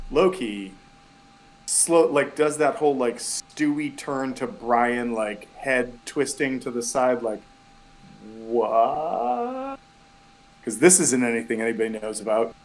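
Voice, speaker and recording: A man's voice: mid-range voice, rough recording. A man narrating a tabletop game as game master, who describes scenes in rambling, filler-heavy speech.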